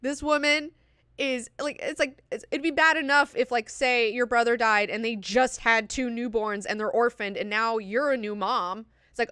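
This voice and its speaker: Female book club host, casual and swearing, bright crisp voice. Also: on the high side, normal speed, no echo, studio quality. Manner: animated, profane, lots of fillers.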